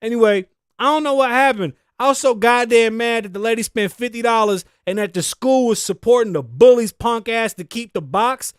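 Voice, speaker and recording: A middle-aged man hosts his podcast in a high, lively voice, ranting and cursing through casual commentary. He wheezes a little as he talks. The recording is close and dry. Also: normal speed, hardly any pauses, clear, resonant tone, no room sound. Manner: profane, animated, ranting. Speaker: podcast host.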